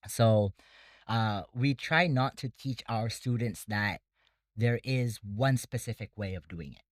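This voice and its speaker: A man's voice: on the low side, slow, no room sound. A man who runs a debate academy, talking casually in an interview and explaining things step by step with many fillers. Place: Bangkok.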